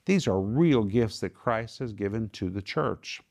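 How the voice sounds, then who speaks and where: A man's voice: lowish voice, lively intonation, unhurried, vocal fry, hardly any pauses, darkish tone. A man teaching the Bible to a small home group, emphatic and fond of repeating key phrases and quizzing his listeners. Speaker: Bible teacher and TV ministry host.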